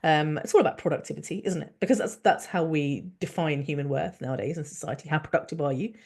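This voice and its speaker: A woman's voice: low voice, fast talker, vocal fry, darkish tone, husky. A woman, hosting a solo podcast and ranting in an angry, sweary, sarcastic way. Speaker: podcast host.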